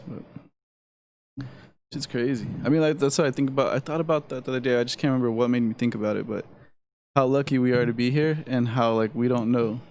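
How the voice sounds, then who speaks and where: A man's voice: mid-range voice, a little fast, a little hiss or hum. A young man co-hosting a casual podcast chat, telling a story in a loose, profane way. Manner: animated storyteller, swears freely, acts out quoted voices. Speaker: podcast co-host.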